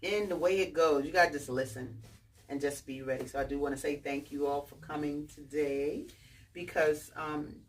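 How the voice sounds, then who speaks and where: A woman in her forties from New York with a New York accent, chatting in a lively, slangy way to an audience at a bookstore event. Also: deep voice, moderate pace. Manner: animated, chatty, slangy storytelling. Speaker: author speaking at a bookstore event. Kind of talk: casual talk to a live audience. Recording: distant mic with faint background noise.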